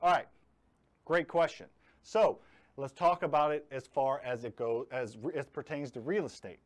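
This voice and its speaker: A man's voice: medium pitch, normal speed. Man, blunt live training talk, jokey, punches key words. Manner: blunt, joking, leans hard on key words. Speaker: host teaching real estate investing.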